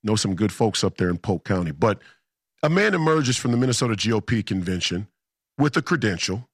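A man's voice: on the low side, expressive, a little fast, no echo, studio quality. A man in a casual storytelling monologue, emphatic and combative, repeating himself for effect. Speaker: political commentator.

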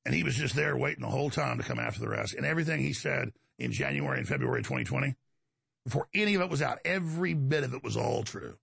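A man from Texas with a Texan accent hosts a talk show, giving a combative, rambling monologue and calling his listeners "folks." His mid-range voice is very animated and quick, gravelly and fairly bright with a breathy edge, and there's no echo.

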